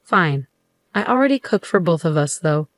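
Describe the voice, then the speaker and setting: A woman's voice: deep voice, expressive, moderate pace, dry recording. A woman voicing a blunt, matter-of-fact husband in a narrated story. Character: blunt cheating husband, adult man.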